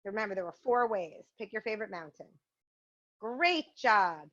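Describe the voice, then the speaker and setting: A woman's voice: mid-range voice, animated, moderate pace, fairly bright tone. A woman leading a virtual yoga and mindfulness class, guiding poses and a game in an upbeat, encouraging way. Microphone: video call. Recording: muffled video-call audio.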